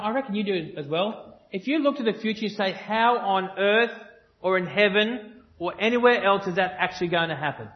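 A man with a high voice preaches to a live congregation, pressing his points through repetition and breaking into playful back-and-forth with the room. The recording sounds dull and lo-fi. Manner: earnest and emphatic, repeats phrases, jokes with the audience. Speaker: pastor.

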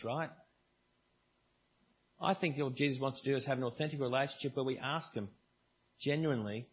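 Husky-voiced preacher in a lo-fi church recording. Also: male voice, mid-range voice. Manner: conversational preaching with varied emphasis. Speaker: pastor. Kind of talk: sermon. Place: church service.

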